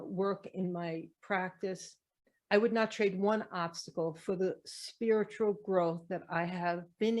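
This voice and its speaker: A woman's voice: fairly low pitch, a little mellow. A middle-aged woman, a spiritual teacher and medium, giving an earnest talk to camera full of repeated rhetorical questions.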